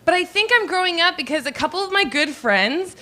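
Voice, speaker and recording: Woman, young adult, stand-up comic, high pitch, very lively, giggly delivery. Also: fairly quick. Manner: bubbly, giggly, acts out voices. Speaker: stand-up comedian. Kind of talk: stand-up comedy set. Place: comedy stage, live audience.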